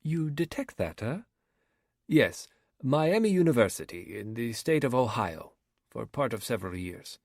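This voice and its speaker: A man reading an audiobook, voicing a smooth Somali pirate commander with an African accent, calm and proud. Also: medium pitch, a little slow, dry recording, clean studio sound, full character voice.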